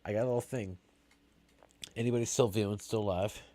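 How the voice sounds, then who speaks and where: Joking low-voiced man in crude banter. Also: steady tone, a little fast, mellow. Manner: joking, swears, goes up into a silly high voice for emphasis. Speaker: podcast co-host. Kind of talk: crude casual chat.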